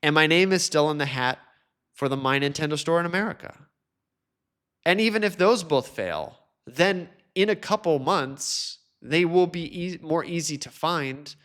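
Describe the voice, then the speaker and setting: A man hosting a solo podcast, talking casually and chattily, now and then mimicking others in a high mocking voice. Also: normal speed, fairly bright tone. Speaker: podcast host.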